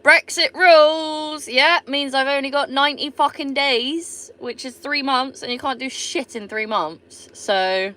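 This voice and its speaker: A woman's voice: high-pitched, fairly even intonation, unhurried, hardly any pauses, sharp tone. A woman from England with a Somerset accent, chatting casually and swearing freely on a live stream while she answers viewer comments. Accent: Somerset English. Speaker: livestreamer.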